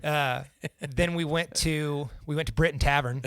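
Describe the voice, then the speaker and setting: A young man from Central Indiana with a Midwestern accent, his voice sitting a little high for a man. He tells a story as a podcast guest, swearing freely and acting out what others said. The sound is dry and close. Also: fairly even intonation, normal speed, fairly bright tone, clear, resonant tone, no echo. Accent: Midwestern American. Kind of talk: casual storytelling.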